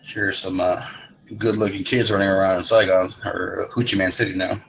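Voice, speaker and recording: A man's voice: sits low, little pitch movement, normal speed, gravelly, rough recording. A middle-aged man chatting casually, telling rambling stories with a lot of swearing. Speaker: lobby chat participant. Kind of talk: casual chat.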